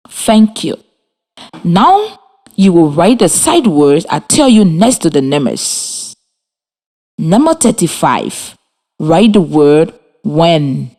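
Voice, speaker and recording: A woman from Liberia teaching a children's reading lesson over radio, speaking slowly and clearly with encouragement. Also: low-pitched, a little mellow. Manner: slow, clear, encouraging, spells and claps out words. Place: radio studio with students.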